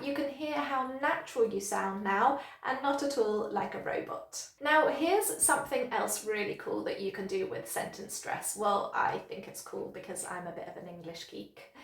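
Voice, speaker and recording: A woman teaching English pronunciation in an online lesson, speaking clearly and encouragingly and demonstrating each example. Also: a little high, roomy sound.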